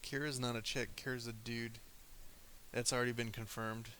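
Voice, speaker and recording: A man chats casually and argues with his live chat, crude and joking. His voice is bright and forceful. A faint hiss runs under the recording. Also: medium pitch, level tone, normal speed. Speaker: streamer.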